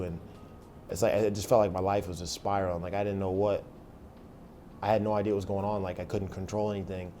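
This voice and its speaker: A young man in a documentary interview, telling his story in a plain, halting way, full of "like" and acted-out quotes. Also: low-pitched, dark tone, a little hiss or hum.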